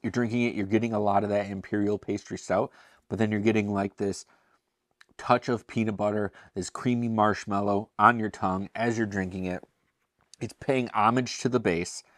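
A man's voice: on the low side, fairly even intonation, normal speed, fairly bright tone, no echo, clean studio sound. A man hosting a casual beer tasting review, talking chattily and enthusiastically with self-deprecating asides. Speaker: beer reviewer and show host.

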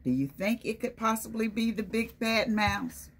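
A female children's storytime presenter reads a picture book aloud to young children in a high-ish voice with lively intonation at normal speed. She stops often to ask them questions and calls on them by name.

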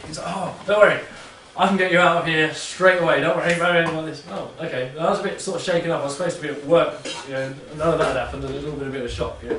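A man with a fairly high voice talks to a live audience, rambling and chatty, checking in with "yeah?" again and again. He is recorded from a distance in an echoey room. A faint hiss sits behind him. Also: a bit bright. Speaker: speaker. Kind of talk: casual talk to a live audience.

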